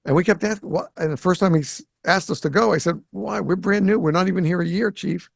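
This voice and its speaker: A man who grew up around Boston hosts a conversation, telling his story with a gravelly, slightly raised voice. He slips into the voices of the people he quotes. The sound is close and dry, with no room echo. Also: sits high, quick pace. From Greater Boston. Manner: animated storyteller who acts out quoted dialogue. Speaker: podcast host. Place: home in South Florida.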